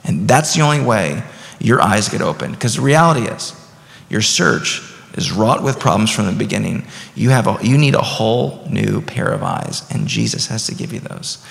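A man's voice: lowish voice, expressive, normal speed, vocal fry, a bit bright. A man in his thirties preaching a sermon as pastor, talking conversationally and rising to emphatic bursts. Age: 30s. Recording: long reverb of a large hall.

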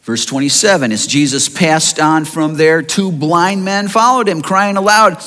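A man preaching a sermon in an expressive way, asking his listeners rhetorical questions. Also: on the high side, measured pace, few pauses, big-room sound. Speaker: pastor.

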